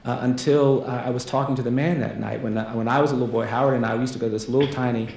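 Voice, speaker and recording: A man from the United States giving a keynote as a death-row lawyer, telling a personal story quietly and earnestly, and building to rhetorical repetition. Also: medium pitch, steady tone, racing, creaky. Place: lecture hall. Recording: roomy hall echo, faint noise.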